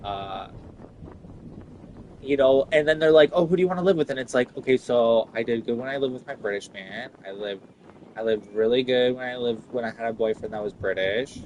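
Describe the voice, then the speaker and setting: A man's voice: mid-range voice, moderate pace, a little mellow, a little hiss or hum, poor audio. Profane rambling man ranting while gaming. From Italian. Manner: profane, rambling rant full of "like". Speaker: gaming streamer.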